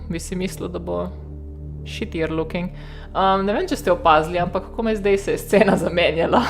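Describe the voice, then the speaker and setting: A woman with a Slovenian accent, reading game text aloud and adding wry, sarcastic asides as she streams. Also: fairly low pitch.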